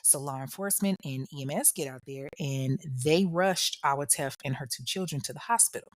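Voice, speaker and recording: A woman's voice: sits low, fairly quick, no echo, clean studio sound. A woman hosting a podcast, telling a true crime story in a chatty, slangy way and talking straight to the listener. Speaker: podcast host.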